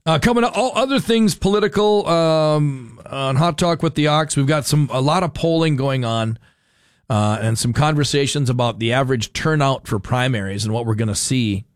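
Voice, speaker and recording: A man's voice: medium pitch, moderate pace, dry recording. A talk radio host, speaking into a studio microphone with a dry, close sound. He talks in an opinionated, sarcastic way, full of ums and uhs. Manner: opinionated, sarcastic, many fillers. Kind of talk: casual political talk radio.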